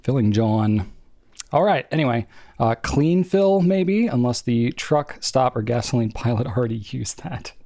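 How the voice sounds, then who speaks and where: A man's voice: medium pitch, expressive, unhurried, dark tone, no echo, clean studio sound. A man co-hosting a podcast, chatting casually and thinking aloud with frequent restarts. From New England. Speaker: podcast co-host. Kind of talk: casual chat.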